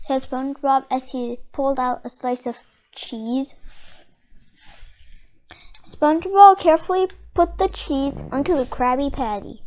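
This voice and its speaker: A storybook reader narrating a children's book aloud, gently and clearly. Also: high-pitched, a little slow.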